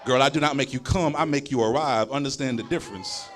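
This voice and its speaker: A man's voice: medium pitch, fast talker, a bit bright, slight background noise. A man performing explicit spoken word poetry live on stage, mixing song and banter with the crowd. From Oakland.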